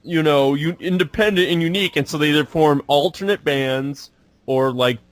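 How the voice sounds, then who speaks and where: A man's voice: on the high side, moderate pace, no echo. A young man co-hosting a casual online talk show, ranting bluntly and with profanity over glitchy, robotic-sounding voice chat audio. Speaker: podcast co-host.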